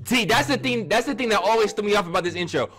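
Animated young man riffing with slang. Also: sits high, fast, faint music behind. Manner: animated, loose, slangy, jumps into shouted cheers. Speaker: streamer reacting to cartoons. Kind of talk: comedic reaction commentary and storytelling.

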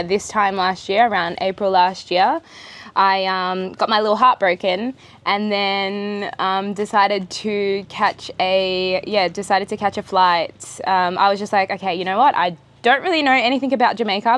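A young woman from Australia chats through a casual eating vlog at a middle pitch. She rambles through her story with plenty of fillers and restarts. Now and then she talks with food in her mouth. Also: a bit bright. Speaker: vlogger. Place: outdoor eatery.

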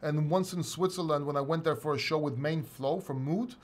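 A man's voice: a little high, fairly quick. A middle-aged man hosting a casual livestream chat, rambling, swearing and laughing often. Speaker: host.

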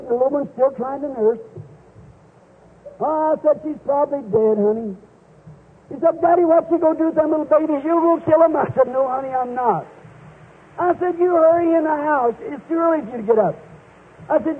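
Preacher type: a man with a very high voice and a folksy, earnest storytelling style, heard on a lo-fi tape that sounds like a phone line. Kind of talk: storytelling sermon. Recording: tinny lo-fi archive sermon tape.

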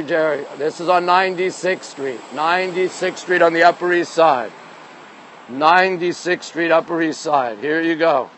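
A chatty middle-aged man with a somewhat high voice streams live from a phone as he walks city streets. He greets viewers, answers their comments as they come in, and tends to repeat his phrases. Traffic and street sounds are heard behind him. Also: fairly bright tone. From Montreal, Canada. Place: outdoors on city streets at night.

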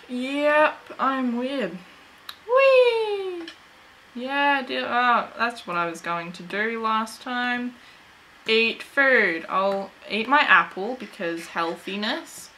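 A woman's voice: medium pitch, bright, forceful tone, a little hiss or hum, rough recording. A woman hosting a let's play, giving goofy, chatty commentary as she talks to the game and her viewers. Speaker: gaming channel host.

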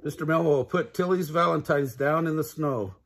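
A man's voice: on the high side, fairly quick, vocal fry, a bit bright, a little hiss or hum. An older man reading a children's storybook aloud, adding sound effects.

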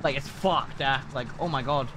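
A man's voice: mid-range voice, moderate pace, bright, forceful tone, slight background noise. A man streaming a video game live, chatting casually with viewers, rambling and swearing a lot. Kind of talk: casual live-stream chat while gaming.

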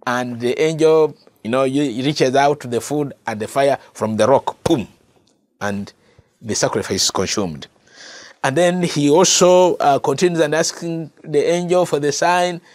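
A man's voice: a little high, measured pace, darkish tone, no room sound. A man with a Ugandan accent teaching a Bible lesson as a sermon, earnest and repeating key phrases for emphasis. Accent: Ugandan English. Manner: addresses listeners as brother and sister. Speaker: preacher.

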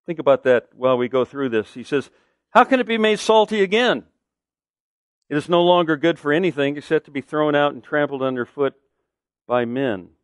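A man's voice: fairly high pitch, expressive, normal speed, smooth, dry recording, studio quality. A man preaching a sermon as pastor, emphatic, asking the listeners questions and answering them.

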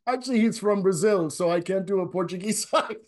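High-voiced friendly male host. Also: quick pace, heavy background noise. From Ireland. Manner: friendly, laughs often. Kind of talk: casual chat.

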